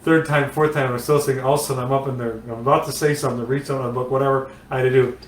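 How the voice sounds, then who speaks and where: A man's voice: medium pitch, fairly even intonation, rapid-fire. A man co-hosting a podcast, telling anecdotes with animation and reading listener comments aloud. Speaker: podcast co-host. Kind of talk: casual podcast chat. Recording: roomy, distant mic, faint noise.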